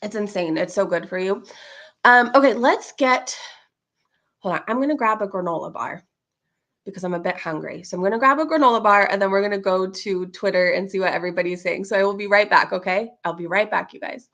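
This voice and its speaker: A woman's voice: medium pitch, brisk, a bit bright. A woman hosting a casual livestream, chatting to her viewers and laughing often. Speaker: livestream host.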